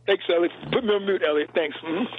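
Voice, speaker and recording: Fast-talking man, heated, over a phone line. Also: high-pitched, husky. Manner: heated, rambling, stumbles and repeats words, says "man" often. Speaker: caller. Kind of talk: call-in radio rant. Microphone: telephone.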